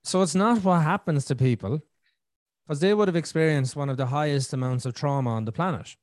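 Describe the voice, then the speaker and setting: A middle-aged man hosting a podcast in casual conversation, animated and talkative, repeating words and acting out his own thoughts. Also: fairly high pitch, a little fast, no room sound, studio quality. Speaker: podcast host.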